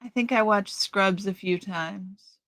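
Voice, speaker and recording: A woman's voice: mid-range voice, fairly bright tone, no echo. A middle-aged woman hosting a live stream, chatting casually and rambling as she answers viewers. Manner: chatty, slow, rambling with restarts.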